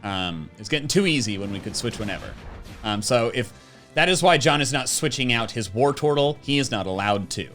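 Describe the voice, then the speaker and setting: A man's voice: medium pitch, animated, brisk, fairly bright tone, soft background music. A young man co-hosting a casual gaming chat, easygoing and rambling with lots of fillers. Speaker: co-host of a gaming channel.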